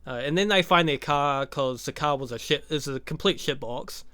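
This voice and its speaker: A man's voice: fairly high pitch, normal speed, pushed and bright, clear, resonant tone, no room sound. A man giving a casual, profane recap of a movie, full of sarcastic jokes and laughing asides. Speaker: YouTube movie commentator.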